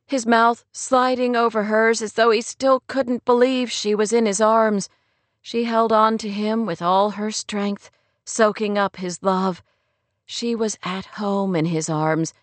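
A woman narrating a novel in a gentle, measured way. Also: mid-range voice, no room sound. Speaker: audiobook narrator. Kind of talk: scripted narration.

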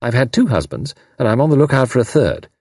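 A man reading an audiobook, voicing a lively, mischievous young woman spy who talks in a breezy, self-assured way. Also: mid-range voice, fast talker, no room sound, studio quality, pitched above the performer's own voice. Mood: playful.

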